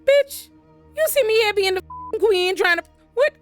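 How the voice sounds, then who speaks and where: A woman voicing a self-righteous queen, squealing profanities in a high voice. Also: animated, normal speed, soft background music. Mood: outraged. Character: shrill indignant queen, adult woman.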